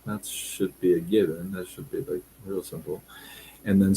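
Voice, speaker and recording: A man hosting a casual live stream, reading viewer comments and talking in a relaxed, deliberate way with frequent fillers. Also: sits low, gravelly, poor audio.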